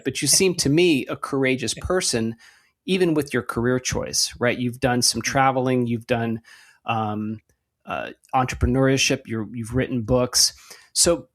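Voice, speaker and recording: A man hosting a podcast interview, talking conversationally, affirming his guest and telling stories before asking questions. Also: mid-range voice. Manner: conversational, affirming, storytelling asides. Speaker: podcast host.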